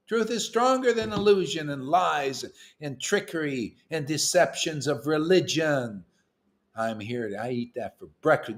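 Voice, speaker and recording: Animated streetwise man, fairly high voice. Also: unhurried. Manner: animated, streetwise, swings between loud and hushed. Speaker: spiritual teacher leading a devotee meetup. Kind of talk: informal spiritual talk. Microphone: livestream mic.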